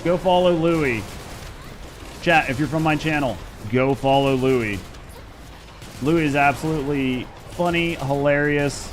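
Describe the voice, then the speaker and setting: A man in his thirties from Indiana, with a Midwestern American accent, chats casually and rambles on a live game stream. His voice is a little high and measured, with a little hiss or hum, and he's laid-back and swears freely.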